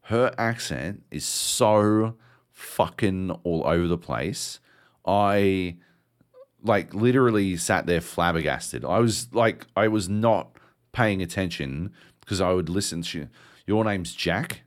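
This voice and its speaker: A man's voice: low-pitched, takes it slowly. A man co-hosting a video game podcast, chatting casually and telling stories with plenty of swearing. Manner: profane, animated storytelling. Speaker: podcast co-host. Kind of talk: casual chat about video games.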